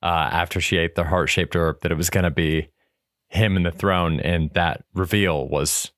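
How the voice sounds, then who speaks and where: A man in casual film discussion chat, talking in a thoughtful, measured way with some hedging. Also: deep voice, steady tone, fairly bright tone, no echo, clean studio sound. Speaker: podcast co-host.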